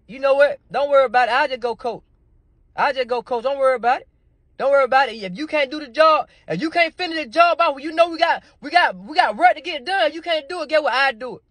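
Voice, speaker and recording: A man's voice: extremely high pitch, fast, a bit bright, no echo. A man delivering a comic rant, stammering over repeated words, cursing heavily and pleading. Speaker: comedian doing a ranting phone call.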